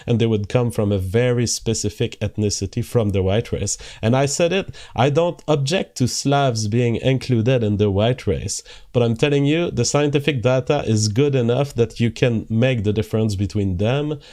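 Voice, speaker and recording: A man hosting a livestream, reading viewer messages aloud and explaining at length in a measured way. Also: mid-range voice, dark tone. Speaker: host.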